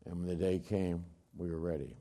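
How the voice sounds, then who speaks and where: A middle-aged man giving a dramatic storytelling speech, emphatic, swinging from loud bursts to hushed low lines. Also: fairly even intonation, normal speed. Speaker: speaker telling a personal story.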